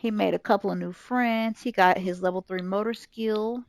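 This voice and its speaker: A woman's voice: mid-range voice, fairly even intonation, moderate pace, vocal fry, dry recording. A woman YouTuber giving chatty, casual gameplay commentary as she retells what her characters did. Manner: chatty, retelling the game's events. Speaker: gaming YouTuber.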